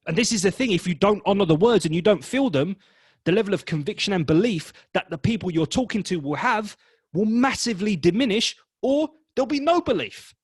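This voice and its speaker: Expressive man coaching, dry sound. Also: high voice, fairly quick, breathy edge, dry recording. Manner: expressive, demonstrates emotions vividly. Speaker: presentation coach. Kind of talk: webinar training talk.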